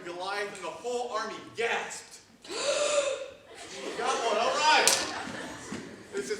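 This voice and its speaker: A man hosting a youth ministry sound effect skit, talking in a playful, teasing, sarcastic way to a live audience. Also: sits high. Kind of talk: live comedic audience game. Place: large hall with live audience. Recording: echoey hall from far off, audience noise.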